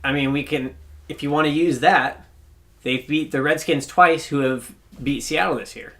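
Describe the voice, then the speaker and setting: A man's voice: a little high, moderate pace, fairly bright tone. A man co-hosting a podcast, chatting casually about football with many fillers and restarts. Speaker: podcast co-host. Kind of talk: casual sports chat.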